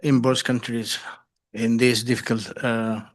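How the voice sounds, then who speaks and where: Male panel chair, mid-pitched, halting delivery. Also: flat delivery. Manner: halting, with pauses. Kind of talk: moderating a panel.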